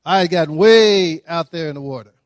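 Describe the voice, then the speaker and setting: A man, giving a folksy, animated storytelling speech at a breakfast event. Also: a little high, fairly quick, no room sound, clean studio sound. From Dallas, Texas. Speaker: guest speaker.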